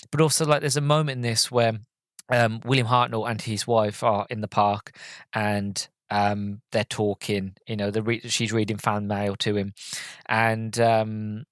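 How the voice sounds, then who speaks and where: A man's voice: mid-range voice, a bit bright, dry recording. Earnest man, dry close sound. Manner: earnest, heartfelt and rambling, with many restarts. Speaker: podcast host. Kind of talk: casual film review.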